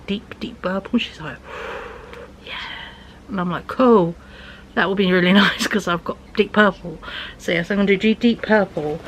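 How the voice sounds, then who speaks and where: Woman rambling about her week, lowish voice, kinda whispery at times, faint hum behind her. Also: a bit bright, rough recording. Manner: chatty, rambling, often drops to a near-whisper. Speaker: vlogger. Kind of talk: casual chat.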